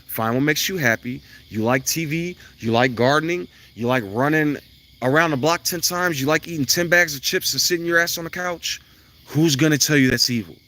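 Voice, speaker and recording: Outdoors near his house, a man who styles himself a spiritual vlogger rants to the camera in a mid-range, sharp-toned voice. His monologue is blunt, profane, and preachy.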